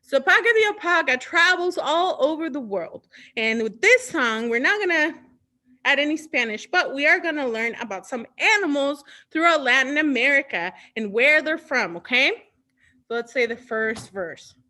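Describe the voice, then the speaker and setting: Cheery lady running kids storytime over a video call, sings along, high voice. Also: lively intonation, moderate pace, pushed and bright. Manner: cheerful, sings along, mixes in Spanish words. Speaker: library storytime host. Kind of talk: children's storytime with songs.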